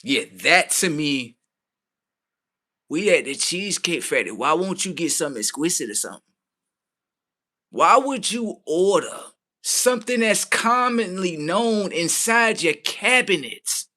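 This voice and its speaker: Talking to his stream at an unhurried pace, this host tells a ranting story with disbelief and plenty of profanity, voicing other people's lines himself. He sounds bright and animated, his pitch rising and falling casually.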